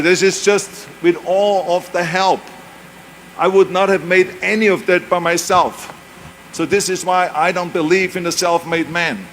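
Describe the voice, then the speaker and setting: Older guy with thick german accent, kinda high voice, punchy motivational speech, joking at himself, faint noise behind. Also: a bit bright. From Europe. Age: 70s. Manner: emphatic, anecdotal, self-mocking humor. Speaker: speaker. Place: university event.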